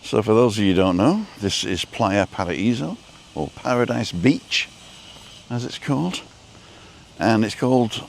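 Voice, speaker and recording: A man's voice: lowish voice, expressive, a little slow, vocal fry, slight background noise. A man chatting casually while driving and filming, reading out viewer comments with a dry, joking manner. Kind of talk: casual live-stream chat while driving. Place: inside a car.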